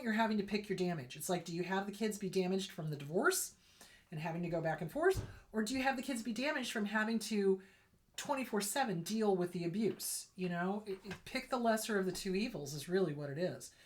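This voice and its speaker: Blunt, emphatic woman therapist. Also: medium pitch. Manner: blunt, emphatic, repeats points for stress. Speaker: therapist hosting a psychology channel. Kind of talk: unscripted solo talk to camera.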